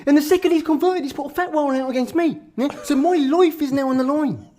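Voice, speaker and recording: A man doing a parody impression of an activist, telling absurd stories in deadpan and tagging nearly every sentence with a questioning "yeah?". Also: very high voice, fast talker, voice pushed up. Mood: earnest deadpan.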